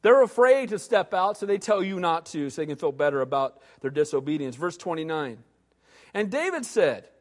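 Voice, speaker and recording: High-voiced preacher in a reverberant hall. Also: male voice, moderate pace. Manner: animated preaching, acting out biblical voices. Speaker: pastor. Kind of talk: sermon.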